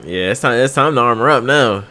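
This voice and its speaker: A young man hosting an anime reaction, reacting in excitable, slangy banter and laughing often. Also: medium pitch, fairly quick. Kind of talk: casual reaction commentary.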